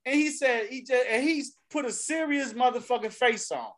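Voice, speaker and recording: A man's voice: very high voice, normal speed, fairly bright tone. A man co-hosting a podcast, telling a long, profane story in casual banter. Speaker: podcast co-host.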